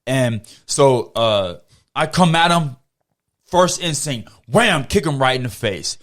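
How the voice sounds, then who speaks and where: A man hosting a podcast, telling a story in a casual, animated way and swearing freely. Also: mid-range voice, takes it slowly. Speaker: podcast host.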